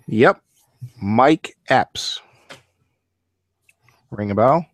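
A man's voice: medium pitch, animated, extremely slow, no echo. A man hosting a podcast, chatting casually and teasing his co-host, laughing often. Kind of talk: casual chat.

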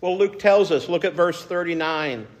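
A man preaching a sermon as pastor, earnest and measured, repeating phrases for emphasis. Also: fairly high pitch.

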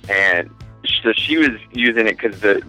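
A man's voice: lowish voice, expressive, moderate pace, bright, forceful tone, soft background music, poor audio. A man on a podcast telling a long casual story, rambling and crude, often laughing through his own lines. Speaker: podcast guest.

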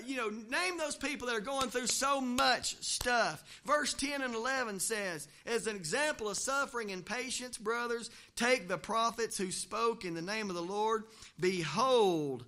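Man, very high voice, bright and forceful, folksy pastor preaching. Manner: folksy and conversational, with joking asides. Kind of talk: sermon. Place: church, also livestreamed.

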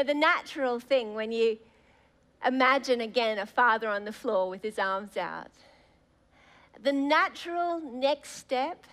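A woman preaches with fervent, prayerful emphasis. Her voice sits high, and she stretches key words out slowly as she leans into them. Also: fairly bright tone. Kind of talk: sermon.

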